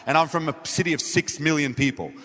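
An Australian man preaches to a gathering, his voice bright and a little high for a man. He tells his story with animation and acts out what he said back then. A long reverb from the hall follows every phrase. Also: fast. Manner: animated storytelling, acting out his own dialogue. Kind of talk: sermon. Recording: echoey hall.

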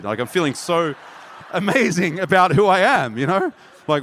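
A man with a high voice preaches in a sermon, telling stories and acting out every quoted line. His voice rings with a long reverb, as in a church hall. He now and then laughs at himself mid-story. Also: expressive, a little fast, fairly bright tone, slight background noise.

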